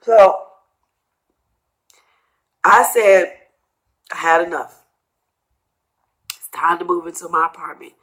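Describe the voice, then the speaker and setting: A middle-aged woman, tearful and tired, rambling through a personal story in a vlog and quoting others in hushed asides. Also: lowish voice, takes it slowly, pauses often, rough recording. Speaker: vlogger telling a personal story.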